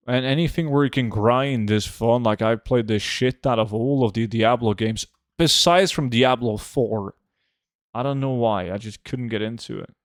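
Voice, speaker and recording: A man's voice: medium pitch, moderate pace, no room sound, studio quality. Laid-back man streaming. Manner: relaxed, answers chat with many fillers. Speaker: game streamer. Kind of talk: casual live-stream chat.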